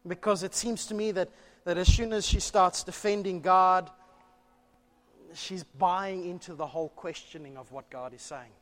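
A man preaching a sermon in church, telling a story with animated delivery and rhetorical questions. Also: high-pitched, moderate pace. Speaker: pastor. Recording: long church reverb.

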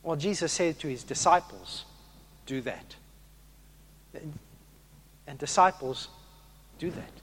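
Male preacher, high-pitched, animated sermon delivery that swings from loud to hushed. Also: slow, long pauses, breathy edge.

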